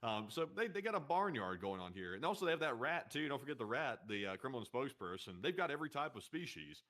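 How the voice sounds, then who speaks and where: A man co-hosting a news stream, chatting in a laid-back, joking way with halting fillers. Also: mid-range voice, big pitch swings, a bit bright. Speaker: co-host. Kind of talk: casual chat.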